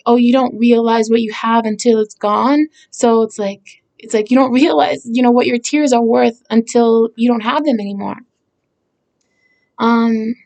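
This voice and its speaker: A woman's voice: fairly high pitch, a little mellow. A woman songwriter talking casually about the meaning of her song lyrics, rambling with many fillers and restarts. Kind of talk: casual explanatory talk.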